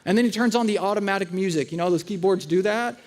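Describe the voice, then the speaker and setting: In a church auditorium, a pastor in his thirties delivers a conversational sermon full of funny family stories, acting out the different voices. He talks fast in a high-pitched voice.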